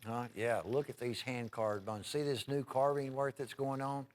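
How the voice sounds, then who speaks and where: A man's voice: medium pitch, level tone, moderate pace. A man hosting a live TV shopping show, selling in a folksy, enthusiastic, chatty way with many fillers. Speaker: TV shopping host. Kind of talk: live TV shopping sales pitch.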